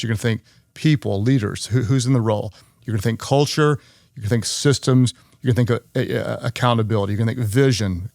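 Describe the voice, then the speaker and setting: A man's voice: medium pitch, darkish tone, no room sound, clean studio sound. A man hosting a leadership podcast, answering a listener question in an earnest, repetitive coaching tone. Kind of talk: conversational teaching.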